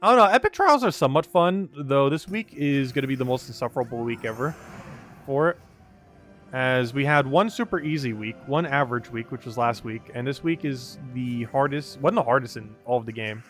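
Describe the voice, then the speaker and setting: A man's voice: mid-range voice, fairly quick, a bit bright, soft background music. A man streaming a game live, chatting casually, reading and greeting chat, and laughing often.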